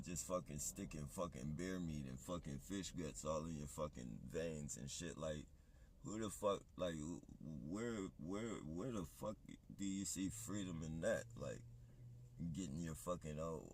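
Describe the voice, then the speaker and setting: A man's voice: very deep voice, a little mellow, a little hiss or hum. A man on a livestream, ranting in a heated, profane, rambling monologue. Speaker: livestream host.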